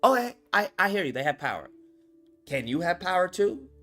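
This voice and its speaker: A man delivers a blunt, profane commentary rant on his channel. His pitch swings widely as he pushes his points. The tone is bright, and faint music plays under him. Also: sing-song, a little fast. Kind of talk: ranting commentary monologue.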